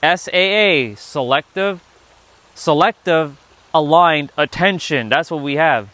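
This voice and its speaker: A man's voice: fairly high pitch, takes it slowly, bright, forceful tone, dry recording. A man hosting a casual motivational livestream outdoors, blunt and playful, swearing freely and chatting to viewers while he walks among rocks. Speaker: livestream host.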